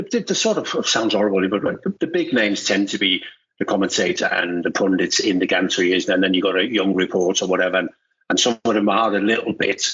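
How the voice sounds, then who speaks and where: A middle-aged former footballer talking as a pundit in casual podcast chat, rambling with restarts and tag questions. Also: male voice, on the low side, bright, forceful tone. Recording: muffled lo-fi audio.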